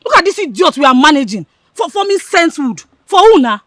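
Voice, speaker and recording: A spiteful schemer who berates her friends with scorn. Her husky voice runs high and swings widely in pitch. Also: expressive, normal speed, no room sound. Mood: scornful. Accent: Nigerian. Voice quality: scornful, insulting. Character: spiteful scheming young woman, Adanne. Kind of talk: film drama acting.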